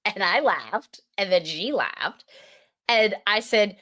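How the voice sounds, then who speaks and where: Slow-talking woman from Massachusetts. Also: medium pitch, animated, bright, forceful tone. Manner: storytelling, playful and chatty, with filler words. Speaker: host. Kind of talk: casual presentation.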